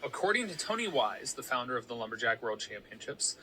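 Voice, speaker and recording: A man's voice: medium pitch, big pitch swings, a little fast, hardly any pauses, pushed and bright, rough recording. A man co-hosting a casual podcast chat, explaining researched facts in an informative way. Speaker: podcast co-host.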